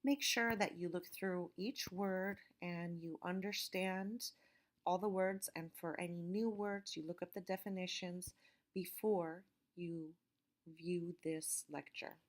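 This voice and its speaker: Female instructor, lower register, clear deliberate pronunciation drills for a lecture. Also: fairly even intonation. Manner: slow, careful pronunciation drills. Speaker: teacher. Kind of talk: recorded vocabulary lecture.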